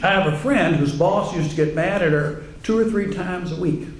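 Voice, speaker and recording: A man's voice: sits high, moderate pace, a little hiss or hum. A male minister giving a humorous sermon in a wry, conversational way, acting out the voices he quotes. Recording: echoey room, faint ambience.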